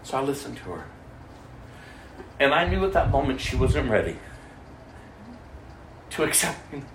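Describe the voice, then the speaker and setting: A man preaching his testimony as a story, swinging between loud stretches and hushed ones. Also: medium pitch, very animated, moderate pace. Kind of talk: sermon testimony. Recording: echoey room, mic far off, faint noise.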